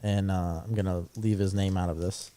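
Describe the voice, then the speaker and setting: A man with a mellow, warm-toned voice co-hosting a laid-back podcast. He asks goofy questions, teases his co-host and laughs often. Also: low voice, steady tone, normal speed. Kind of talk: casual chat.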